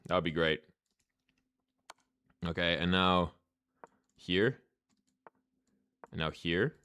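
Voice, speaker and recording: A young man streaming chess, chatting casually with viewers and thinking out loud in a laid-back way, with keyboard clicks behind. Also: deep voice, fairly even intonation, slow, clear, resonant tone. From Ireland. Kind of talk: casual live-stream chat while playing chess.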